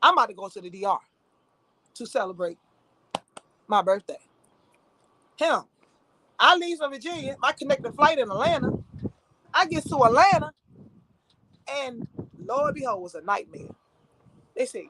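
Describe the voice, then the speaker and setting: A woman telling a personal story in casual, animated talk, heavy with profanity and frequent asides to the listener. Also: sits high, brisk, long pauses, slight background noise.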